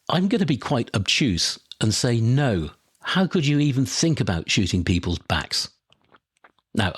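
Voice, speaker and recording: A man's voice: on the low side, no echo, studio quality. A man hosting a podcast, talking through listener questions in an opinionated, conversational way. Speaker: podcast host. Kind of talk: solo podcast talk.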